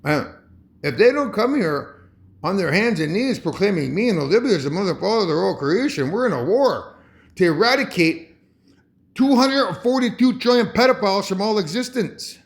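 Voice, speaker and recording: Rambling, chuckling man with lively pitch. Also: normal speed. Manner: rambling, chuckling often, restarting phrases. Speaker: vlogger. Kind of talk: rambling monologue.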